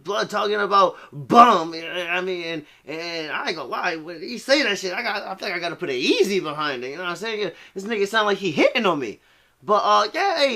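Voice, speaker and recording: Man, high pitch, profane, mocking, rambling rant commentary. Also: pushed and bright.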